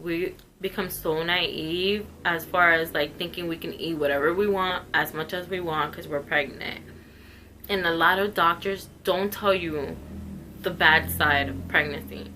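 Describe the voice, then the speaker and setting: A woman's voice: fairly low pitch, sharp tone, slight background noise, rough recording. A woman vlogger telling a painful personal story in an earnest, emotional way. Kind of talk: personal testimony.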